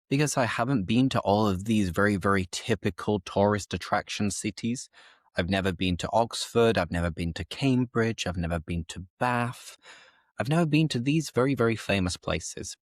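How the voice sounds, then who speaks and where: A young man hosting a slow, clear conversation for English learners, speaking in a measured, reflective, explanatory way. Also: medium pitch, no echo, studio quality. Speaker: English teacher, host.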